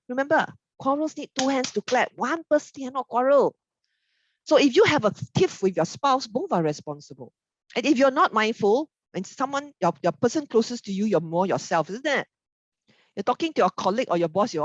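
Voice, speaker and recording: A woman's voice: on the high side, normal speed, no echo, muffled recording. A woman giving an informal Buddhist dharma talk, often asking "isn't it?" and acting out little quoted exchanges. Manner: animated, acts out little quoted exchanges, frequent tag questions.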